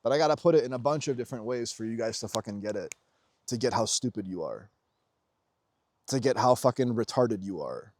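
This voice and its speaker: A man delivers an unscripted spiritual monologue in a plain, mid-pitched voice. He is blunt and profane and swings his pitch widely whenever he mimics other people. The sound is dry and close. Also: animated, fairly quick, darkish tone, dry recording. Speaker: spiritual vlogger.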